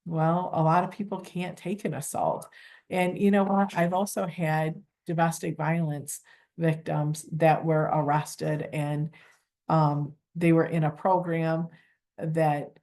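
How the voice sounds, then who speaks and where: A woman in middle age with a somewhat low voice explains volunteer screening in an online training session. She talks loosely and humbly, full of everyday fillers. She often acts out her own calls with applicants. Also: level tone, slow pace, a little mellow. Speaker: volunteer coordinator. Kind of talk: training webinar talk.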